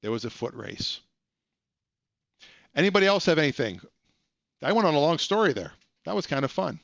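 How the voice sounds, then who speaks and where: A man telling a story on a live stream from his home computer, chatty and quick with a joke. His voice sits a little high. The audio is dull and dry, like a computer mic. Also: sing-song, creaky, fairly bright tone, no room sound. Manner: chatty, self-deprecating, joking asides. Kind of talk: casual storytelling.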